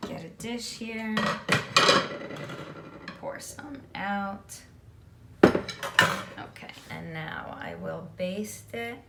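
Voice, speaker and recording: A woman's voice: medium pitch, drawn-out words, gravelly, long pauses, roomy sound, heavy background noise. A woman giving a casual cooking demonstration in her home kitchen, chatty and often checking in with "okay?". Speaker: home cook.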